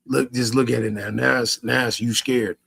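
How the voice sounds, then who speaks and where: Male streamer, husky and rough-edged; rants at chat, cursing, repeating himself. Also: medium pitch, little pitch movement, moderate pace, fairly bright tone. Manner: repetitive, stammering restarts, profane. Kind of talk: ranting live stream to chat.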